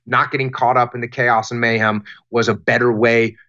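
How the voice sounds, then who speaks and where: A man answering interview questions about leadership in a deliberate, emphatic way, often repeating phrases for emphasis. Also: medium pitch, little pitch movement, pushed and bright, muffled recording. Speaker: guest, former military leader.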